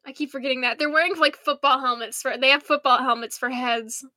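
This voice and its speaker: Young american woman gabbing on a podcast, swears a lot, high voice, dry close mic. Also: fairly quick, no room sound. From United States. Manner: swears freely, rambling and excitable. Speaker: podcast co-host. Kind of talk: casual fan chat.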